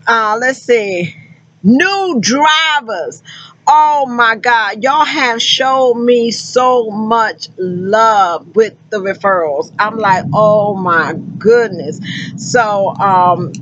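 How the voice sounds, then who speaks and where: A truck driver who also recruits drivers talks casually to her vlog viewers, effusive and folksy, repeatedly calling them honey and child. Her voice is a little high, very slow, and a bit bright, and the recording is muffled with no echo.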